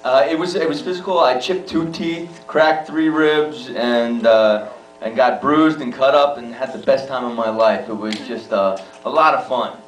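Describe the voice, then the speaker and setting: A man's voice: medium pitch, moderate pace, a little hiss or hum. A middle-aged man, an actor being interviewed, telling jokey, self-deprecating stories at a festival event. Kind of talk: casual anecdotal chat. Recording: echoey room, mic far off, faint music.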